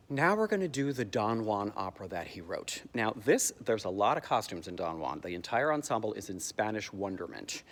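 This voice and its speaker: A man giving a sarcastic comic recap of a stage musical's plot, jumping into high squeaky voices to mock the characters. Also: sing-song, fairly quick, hardly any pauses, fairly bright tone, big-room sound. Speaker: comedic theatre commentator.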